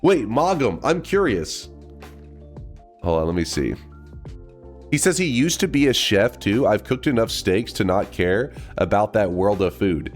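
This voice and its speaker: A Texan game streamer with a stuffy nose chats casually on a livestream, rambling, swearing, and laughing to himself. His voice is fairly low and expressive, a little slow, with soft music in the background.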